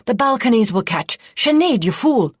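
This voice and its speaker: A woman's voice: low voice, moderate pace, no echo, studio quality, close to an everyday voice. A woman voicing an angry, commanding nobleman who snaps out his words.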